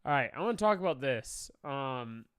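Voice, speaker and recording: A man's voice: mid-range voice, very animated, moderate pace, a bit bright, clean tone, dry recording, studio quality. A young man doing casual reaction commentary, talking emotionally, often sighing, swearing and trailing off. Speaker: commentary streamer.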